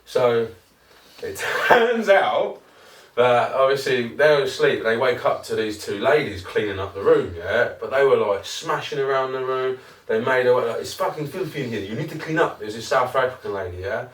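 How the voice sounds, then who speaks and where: A man's voice: mid-range voice, animated, moderate pace. A man co-hosting a podcast, telling rambling, sweary stories in casual chat and laughing often. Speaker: podcast co-host. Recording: roomy, distant mic with faint noise.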